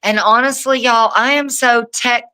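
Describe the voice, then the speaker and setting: A woman's voice: a little high, fairly even intonation, normal speed, bright, forceful tone, poor audio. A woman with a Southern US accent, a wrestling guest telling stories in a chatty, self-mocking way, swearing freely. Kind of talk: casual chat.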